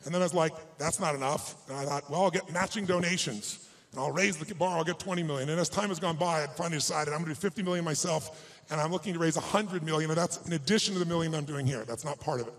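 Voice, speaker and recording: A middle-aged man speaks from the stage in a voice that sits a little high for a man. He tells a personal story with feeling and presses his audience to act. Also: fast talker. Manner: emotional storytelling, emphatic and exhorting. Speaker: motivational speaker. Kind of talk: live stage talk to an audience.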